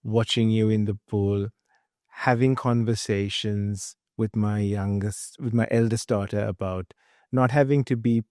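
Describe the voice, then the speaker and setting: A man's voice: fairly low pitch, steady tone, unhurried, darkish tone, no room sound, studio quality. A middle-aged man hosting a podcast interview, earnest and thorough, asking long questions with fillers. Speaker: podcast host.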